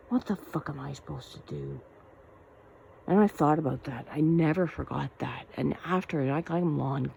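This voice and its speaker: A woman's voice: low voice, gravelly, warm tone, slight background noise, poor audio. A woman in her forties telling a personal story to camera, blunt and profane, getting worked up as she talks. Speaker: vlogger.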